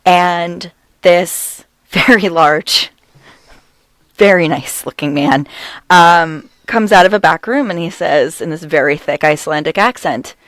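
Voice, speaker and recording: A middle-aged woman tells a story in an easy, chatty way, breaking into giggles often. Her voice sits a little low for a woman. The sound is dry and close, with no room around it. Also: a little slow, dry recording. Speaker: podcast co-host. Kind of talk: casual chat.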